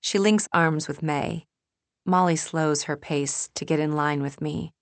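A woman narrating a first-person audiobook in a calm, measured, introspective manner. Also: low voice, dry recording.

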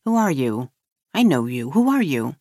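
Read by a narrator, a weary, contemptuous man speaks in a hoarse, croaking voice after nearly dying. He sounds groggy and resentful. The recording is dry and close. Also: medium pitch, sing-song, moderate pace, darkish tone, no echo. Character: bitter, groggy man recovering from an overdose. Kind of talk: audiobook character voice.

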